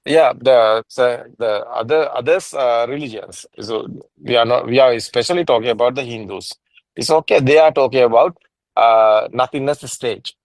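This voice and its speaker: A man teaching Buddhism in a casual discussion over a video call, halting and repetitive, with frequent soft laughs. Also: medium pitch, no room sound, low-quality recording.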